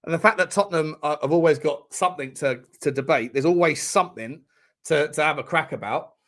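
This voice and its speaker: Man, football stream host, fairly high voice, rambling, jokey, stammers. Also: brisk, a bit bright. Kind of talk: casual live-stream watchalong chat.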